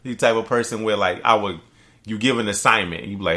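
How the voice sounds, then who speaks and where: A man co-hosting a casual podcast chat, animated, acting out quotes in a high voice. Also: fast talker. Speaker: podcast co-host.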